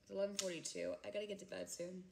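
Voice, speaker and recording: A woman in her thirties chatting casually with viewers on a livestream from home. She is giggly and chatty, and she often breaks into loud laughter. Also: on the low side, little pitch movement, very fast, creaky, slight background noise. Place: home, indoors.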